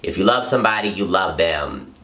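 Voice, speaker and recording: A man's voice: deep voice, lively intonation, a little fast, sharp tone. A young man telling a personal story straight to camera in an earnest, gushing vlog, often repeating himself. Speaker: vlogger. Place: home in Los Angeles.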